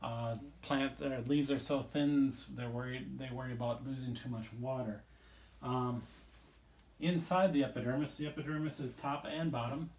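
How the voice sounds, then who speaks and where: A man's voice: medium pitch, fairly even intonation, normal speed, a little mellow. A man teaching a recorded biology lesson, explaining casually and rambling a little as he draws and talks through the page. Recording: echoey room.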